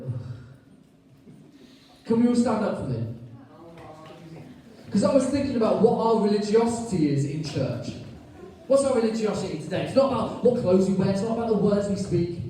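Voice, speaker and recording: A man preaching a sermon in a lively, chatty way, joking with his congregation. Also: sits high. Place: church hall. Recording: echoey church from far off.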